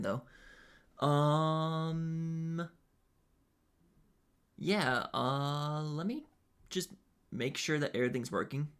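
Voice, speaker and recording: Young man, casual streamer, nervous and hesitant, lots of fillers, mid pitch. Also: gravelly, a bit bright. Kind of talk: casual live stream chat.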